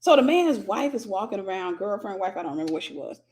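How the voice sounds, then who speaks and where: A woman's voice: medium pitch, big pitch swings, fast talker, a little mellow. Chatty woman telling a story live. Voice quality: chatty, with asides to viewers. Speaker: Christian mentor and online teacher. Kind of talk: casual storytelling to a live audience.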